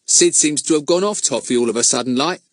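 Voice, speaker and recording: A man's voice: medium pitch, fast talker, no echo, studio quality, pitched above the performer's own voice, lightly acted. A man voicing a simple, good-natured village boy with clumsy, chummy speech. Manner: ungrammatical, chummy.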